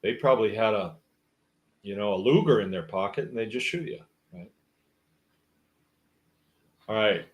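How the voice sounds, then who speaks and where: A man's voice: on the low side, moderate pace, long pauses. A man hosting a livestream, reading out viewer comments and musing in a rambling, wry, casual way. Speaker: host.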